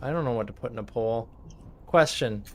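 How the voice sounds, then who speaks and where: A man's voice: medium pitch, brisk. A man chatting casually on his live stream, rambling, swearing freely and laughing often. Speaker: streamer and game master.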